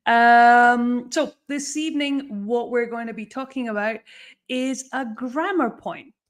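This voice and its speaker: A woman's voice: fairly high pitch, takes it slowly. A woman teaching English grammar in a chatty live online lesson, often checking in with "okay?".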